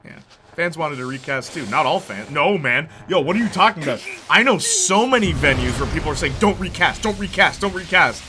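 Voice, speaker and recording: A man's voice: fairly high pitch, animated, brisk, bright, forceful tone, soft background music. A man streaming a video game, chatting casually and answering his chat. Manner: chatty, reads and answers chat, laughs often. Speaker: gaming streamer. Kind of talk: casual gameplay commentary.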